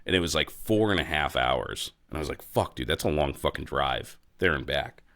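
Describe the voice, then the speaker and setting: A man's voice: a bass voice, animated, moderate pace, fairly bright tone, dry recording, studio quality. A man co-hosting a podcast, chatting casually, swearing and saying dude a lot. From New England. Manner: swearing, laid-back, says dude a lot. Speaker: podcast co-host. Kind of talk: casual chat.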